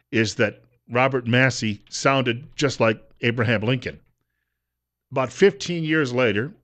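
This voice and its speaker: A man's voice: medium pitch, fairly bright tone. A male radio talk host in casual commentary, talking conversationally with frequent fillers and restarts.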